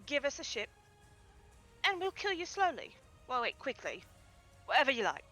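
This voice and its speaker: A cocky, blustering male pirate with a bum leg, as a woman plays him in a tabletop game. The voice sits high and bright, with faint music underneath. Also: normal speed, heavily acted. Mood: menacing. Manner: cocky, defensive, deadpan bluster.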